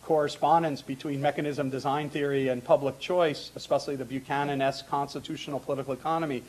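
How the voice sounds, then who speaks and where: A man's voice: mid-range voice, steady tone, fast talker, darkish tone. Rambling middle-aged male academic host. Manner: rambling, many fillers and restarts; informal asides with light laughter. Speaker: host introducing a panel. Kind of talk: lecture-hall introductory remarks.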